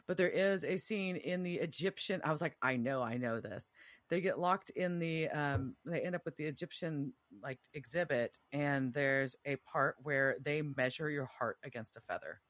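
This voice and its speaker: Low-voiced, laid-back woman co-host. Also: moderate pace, few pauses. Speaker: podcast co-host answering quiz. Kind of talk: casual podcast chat.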